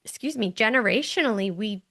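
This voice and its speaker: A woman's voice: medium pitch, expressive, fairly quick, fairly bright tone. A middle-aged woman co-hosting a casual podcast, telling stories with lots of fillers and acting out the people she quotes. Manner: chatty storyteller, acts out quoted voices. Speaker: podcast co-host, mother.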